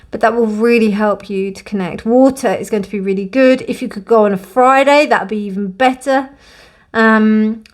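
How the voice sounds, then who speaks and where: A young woman gives a casual, gently emotional tarot card reading in a warm, reassuring way. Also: a little high. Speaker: tarot reader.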